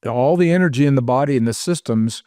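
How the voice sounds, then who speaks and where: A man's voice: mid-range voice, quick pace, dark tone, no room sound, studio quality. A man who is the guest on a podcast interview, explaining ideas in an earnest, step-by-step way and listing example after example. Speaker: author and researcher guest.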